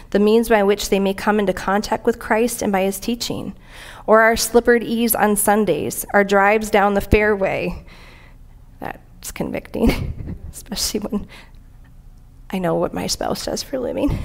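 A woman preaching a conversational sermon in a church, earnest and plain-spoken, reading aloud from scripture and a commentary. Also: mid-range voice.

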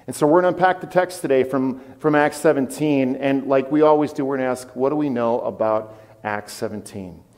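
A man preaching a sermon as pastor, animated and conversational with his congregation. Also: mid-range voice, brisk, long reverb tail. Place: church.

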